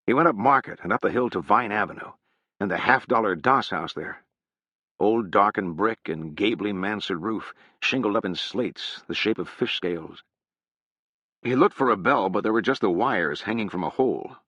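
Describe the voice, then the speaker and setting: A man narrating a literary novel in an even, measured reading. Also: on the low side, husky, no echo. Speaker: audiobook narrator. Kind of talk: scripted narration. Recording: dull, dry sound.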